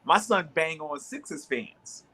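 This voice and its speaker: A man co-hosting a sports talk show tells long, animated stories in casual chat, restarting often and acting out both sides of an argument. His voice is fairly high, expressive, bright, and forceful, and he speaks a little slowly.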